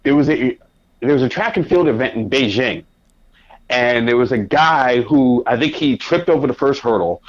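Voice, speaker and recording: Man telling an animated story. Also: medium pitch, normal speed. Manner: animated anecdote with quoted asides. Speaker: guest. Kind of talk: casual storytelling. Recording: dull lo-fi audio.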